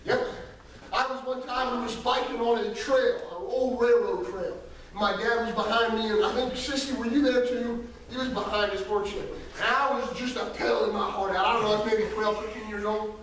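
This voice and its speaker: A man, an associate pastor, preaching a folksy sermon and calling on church members by name, swinging from shouts to near whispers. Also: high voice, fairly even intonation, moderate pace. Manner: folksy storytelling, calls on congregation members by name; rises to shouting peaks, then drops very soft. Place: church sanctuary. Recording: echoey church hall, voice from far off.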